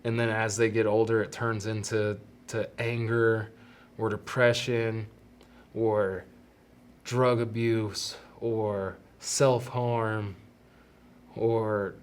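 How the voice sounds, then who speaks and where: A man hosting a solo podcast, talking earnestly and haltingly about fatherhood and fear of death, often restarting his sentences. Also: on the low side, little pitch movement. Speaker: podcast host. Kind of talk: reflective solo podcast monologue.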